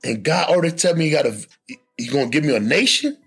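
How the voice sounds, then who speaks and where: A man on a podcast telling a hard personal story with lots of emotion, acting out other people's voices in loud high bursts. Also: fast talker, creaky, slightly rough, soft background music. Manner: animated, acts out voices and shouts in high bursts. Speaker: podcast guest sharing his story.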